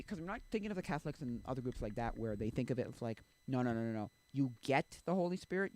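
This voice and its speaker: Rambling man musing on faith. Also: medium pitch. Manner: rambling, self-interrupting, many fillers; animated when acting out quotes. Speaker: streamer. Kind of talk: casual chat about faith.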